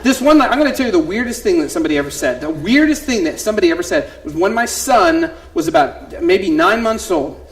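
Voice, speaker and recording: A man performing a one-man comedy show on stage, telling animated stories and acting out voices of his family. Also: high voice, fairly quick. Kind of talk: stand-up storytelling. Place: theater stage before a live audience.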